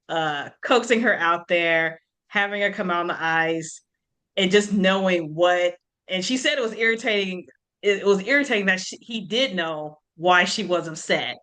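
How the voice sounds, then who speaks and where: A woman hosting a casual book club chat, talkative and animated, laughing often as she retells scenes. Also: lowish voice. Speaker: book club podcast host.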